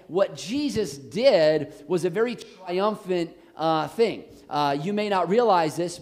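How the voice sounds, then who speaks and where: A man with an American accent, a pastor preaching a lively, jokey sermon in a church on a handheld mic. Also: high-pitched. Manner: animated, jokey, rising to shouts on quotes. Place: church sanctuary. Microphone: handheld microphone, later switched off.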